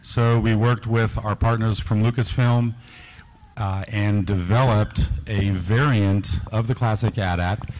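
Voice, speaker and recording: A man's voice: steady tone, a little slow, a little mellow, low-quality recording. A man presenting new toys at a convention panel, talking with enthusiasm and lots of fillers. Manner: enthusiastic product pitch with frequent fillers. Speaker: toy designer presenting products.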